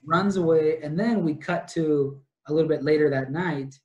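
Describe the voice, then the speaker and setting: A young man on a book-club podcast, his voice slightly high and a little mellow at normal speed, retells a plot at length. He goes into lots of detail, rambling with many fillers and asides.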